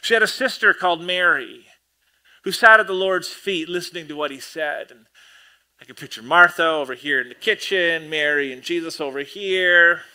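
A male pastor preaching a sermon with a high, sharp, bright voice. He tells the story in an animated way, cracks self-deprecating jokes and stumbles over repeated words. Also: moderate pace, clear, resonant tone.

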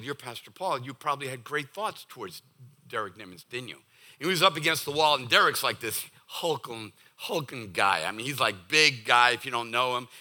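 A middle-aged man from the Boston area preaches in a loose, joking way, slipping into the voices of his listeners as he talks. His voice sits fairly high, swings widely in pitch and has a very bright, forceful edge. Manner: animated and jokey, acts out listeners' voices. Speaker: pastor. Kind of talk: conversational sermon.

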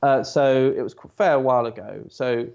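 A man's voice: mid-range voice, steady tone, normal speed, a little mellow, lo-fi sound. A British man chatting as an interview guest, often stammering and restarting, telling stories. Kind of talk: casual interview chat.

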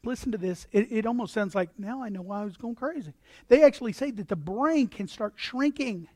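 Animated male pastor preaching. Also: high voice, brisk, dry recording, clean studio sound. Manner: animated preaching, acts out voices, repeats words. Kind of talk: sermon.

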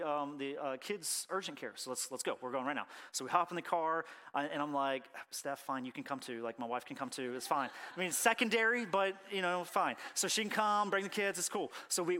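Thirties male preacher, lively storyteller, bright and slightly high voice, drops to a hush, then surges. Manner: animated storytelling, acts out quotes, swings from hushed to loud. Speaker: pastor. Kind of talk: sermon with personal story.

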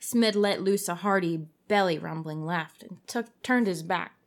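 A woman's voice: lowish voice, moderate pace. A woman co-hosting a podcast, casually reading a horror story aloud, giggling and stumbling over words. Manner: giggly, stumbles and corrects herself while reading. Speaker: podcast co-host.

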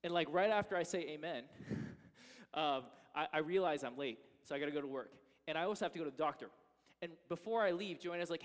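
Male pastor, brightish voice, lively storytelling sermon, long church-hall reverb. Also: high voice, fast, smooth. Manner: animated storytelling, acting out his own frustration. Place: church sanctuary.

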